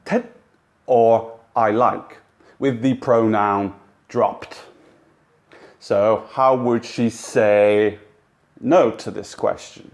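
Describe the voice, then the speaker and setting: A man narrating a language lesson in a clear, measured, instructive way. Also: lowish voice. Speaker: language teacher. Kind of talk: scripted explanatory narration.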